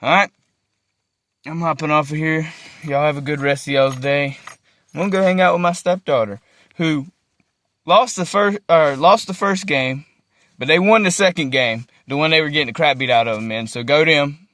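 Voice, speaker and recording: A man's voice: fairly high pitch, moderate pace, a bit bright, no room sound. A young man, ranting to his phone camera in an agitated, profane way and repeating himself. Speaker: vlogger. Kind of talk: emotional rant to camera.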